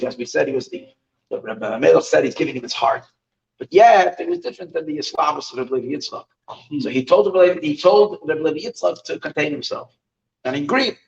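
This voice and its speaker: A man, a rabbi, telling stories in a halting lesson, with many restarts. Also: on the high side, vocal fry. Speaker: rabbi teaching. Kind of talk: storytelling lesson. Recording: dull recording, far from the mic.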